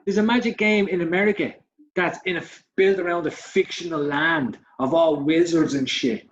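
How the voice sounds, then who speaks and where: A man's voice: high voice, normal speed. A man in his forties co-hosting a podcast, talking in a heated, sweary way and mocking others in put-on voices. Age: 40s. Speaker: podcast co-host. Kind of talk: casual podcast chat. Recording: dull lo-fi podcast audio.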